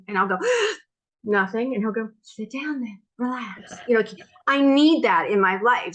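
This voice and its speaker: Chatty lively woman in her 50s, interview guest, mid pitch. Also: rough recording. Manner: lively, talkative, self-described wild card. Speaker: guest, esthetician business founder. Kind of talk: casual interview answer.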